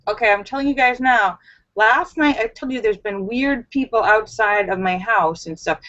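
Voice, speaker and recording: A young woman hosting a casual live stream at home, telling stories in an animated, chatty way with many fillers, on a webcam mic. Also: on the high side, normal speed, highs cut off.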